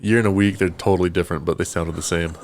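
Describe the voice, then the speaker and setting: A man's voice: sits low, fairly even intonation, rapid-fire, very noisy. A man in his thirties, a podcast guest, joking and making fun of himself in casual chat. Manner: joking, self-mocking.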